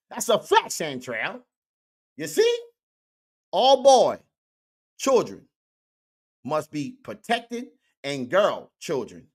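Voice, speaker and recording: A man doing comedic social media commentary in a preachy way, repeating catchphrases to his viewers. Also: sits high. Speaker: online commentator.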